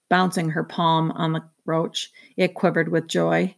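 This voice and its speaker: A woman reading a children's novel aloud, in a steady storytelling manner. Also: deep voice, a little slow, vocal fry, few pauses. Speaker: reader. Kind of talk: children's book read-aloud.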